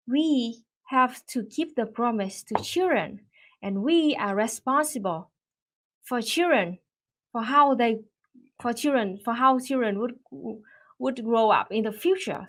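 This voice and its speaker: A woman's voice: on the high side, fairly bright tone. A woman with a Vietnamese accent, a native Vietnamese speaker, casually retelling a comic story in a chatty, hesitant way. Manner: hesitant, chatty, many restarts and fillers.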